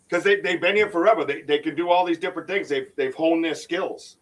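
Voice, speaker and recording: A man hosts a loose livestream chat, his voice sitting a little high for a man. He rambles excitedly and restarts his sentences often. He sounds as if he is set back from the microphone. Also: fairly quick, few pauses, distant mic, poor audio. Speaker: podcast host and Bigfoot researcher.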